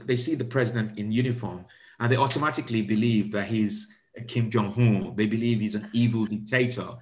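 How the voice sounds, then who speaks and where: A man, a comedian, talking about his stage character in a relaxed interview, often restarting his sentences. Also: medium pitch, slight background noise. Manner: halting, repeats words, laughs often. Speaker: comedian guest. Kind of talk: conversational interview.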